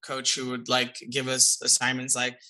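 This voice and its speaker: Bright, lively male guest. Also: mid-range voice, normal speed. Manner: animated, laughs often. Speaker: guest, voice actor. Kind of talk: casual interview chat.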